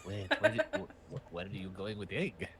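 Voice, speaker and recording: A man's voice: low voice, sing-song, brisk, a bit bright, a little hiss or hum. A man running a tabletop game as game master, narrating scenes and explaining rules at length.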